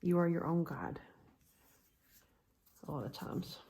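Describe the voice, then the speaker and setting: Slow, mellow-voiced woman reading tarot. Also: fairly low pitch, lively intonation, slight background noise. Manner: slow and musing, trailing into soft murmurs. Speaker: tarot card reader. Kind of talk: pick-a-card tarot reading.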